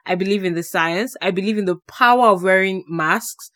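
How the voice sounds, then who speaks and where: A woman's voice: medium pitch, a little fast, a bit bright, no room sound, studio quality. A young woman co-hosting a podcast, chatting casually and explaining things at length with plenty of fillers. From Canada, living in Ontario. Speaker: podcast co-host.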